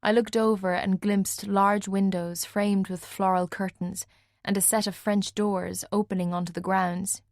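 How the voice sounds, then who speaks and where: A woman narrating a first-person audiobook in a measured way, lightly voicing the other characters. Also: medium pitch, flat delivery, dry recording. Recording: dry studio recording.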